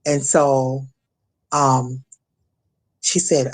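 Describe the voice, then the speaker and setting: A middle-aged woman from Maryland recounting a personal ordeal as an interview guest, halting with many restarts and fillers. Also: very deep voice, a little mellow. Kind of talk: emotional personal testimony.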